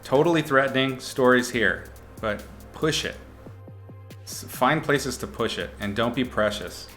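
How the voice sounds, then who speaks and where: A man's voice: mid-range voice, unhurried, fairly bright tone, soft background music. A man teaching art on a livestream, giving casual critiques in a playful, upbeat way with mock-brutal jokes. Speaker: art instructor streaming.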